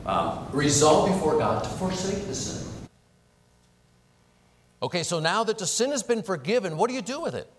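Man, pastor, sermon, animated, lively rising-and-falling pitch, long hall reverb. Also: normal speed, pauses often, a little hiss or hum. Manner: animated, acts out quoted prayers and apologies.

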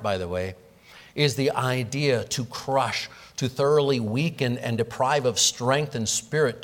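A man's voice: mid-range voice, fairly bright tone. A man preaching an expository sermon verse by verse, earnest and explanatory, posing rhetorical questions to his congregation. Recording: long reverb of a hall.

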